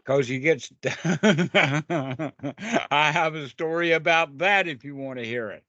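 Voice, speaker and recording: A man leading an informal Dharma talk over a video call. He rambles through stories in a folksy way, full of fillers. His voice sits a touch high, and the sound is dry and muffled. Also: slow, bright, forceful tone, no room sound. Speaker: meditation teacher.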